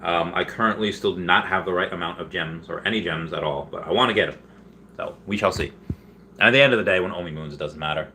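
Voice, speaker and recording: A man's voice: fast, slight background noise. A man hosting a casual livestream, reading viewer comments aloud and rambling with frequent laughs and restarts. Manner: bursts into high, loud put-on voices when quoting. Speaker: livestream host.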